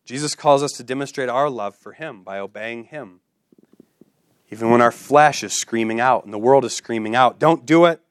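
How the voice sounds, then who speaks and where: A man's voice: medium pitch, normal speed, clean tone, no echo, clean studio sound. A man preaching a sermon with passion, repeating phrases and building to exhortations. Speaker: pastor.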